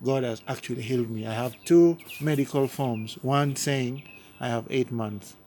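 A man's voice: medium pitch, moderate pace, warm tone, slight background noise. A man from Uganda, a pastor giving his personal testimony in an interview, speaking earnestly and often repeating or restarting his words.

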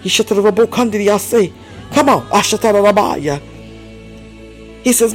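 High-voiced preacher speaking in tongues. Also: male voice, moderate pace, faint music behind. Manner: exhorting, laughing, breaking into tongues. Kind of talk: fiery sermon.

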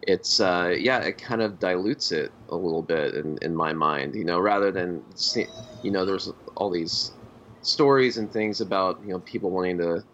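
A man co-hosting a podcast, talking about films in a halting, hesitant way. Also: low-pitched, a bit bright, slight background noise. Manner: halting, full of fillers and restarts. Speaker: podcast co-host. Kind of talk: casual film discussion. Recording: dull lo-fi podcast audio.

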